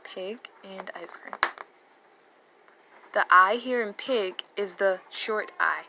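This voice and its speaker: Lady teacher going slow thru vowel sounds, bright voice, bit of hiss behind. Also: on the low side, fairly even intonation. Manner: patient, repeats sounds and words slowly. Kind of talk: slow phonics lesson for learners.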